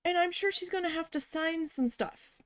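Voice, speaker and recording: A woman's voice: very high voice, moderate pace, no echo. A woman chatting casually while she works on a craft, telling stories and talking to her cat. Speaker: crafting vlogger.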